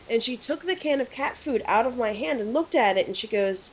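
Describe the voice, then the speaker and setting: A woman co-hosting a podcast in casual chat, an animated storyteller who acts out what people said. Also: mid-range voice, quick pace, few pauses. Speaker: podcast co-host. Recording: lo-fi with faint hiss.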